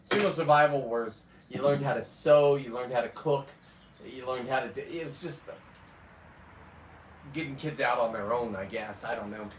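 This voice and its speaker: A man's voice: medium pitch, moderate pace, slight background noise. Rambling man in his fifties, echoey. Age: 50s. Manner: rambling, loud outbursts, swears freely. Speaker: livestreamer reading viewer comments. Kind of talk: rambling live-stream chat. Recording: echoey, distant from the mic.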